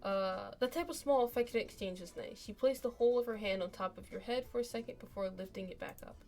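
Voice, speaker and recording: A woman's voice: fairly high pitch, fast talker, a little mellow, faint music behind. A woman streamer casually narrating a story game, reading the text aloud and chatting between passages.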